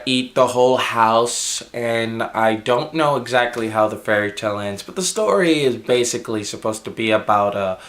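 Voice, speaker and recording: A man's voice: medium pitch, fairly bright tone. A man who says he is sick, reviewing a movie in a casual vlog, rambling with fillers and the odd giggle.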